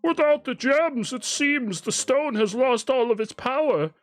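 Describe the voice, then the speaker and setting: A man voicing a spoiled, bratty baby villain king in a high, squeaky put-on voice while playing a video game. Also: lively intonation, unhurried, faint music behind. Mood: scheming.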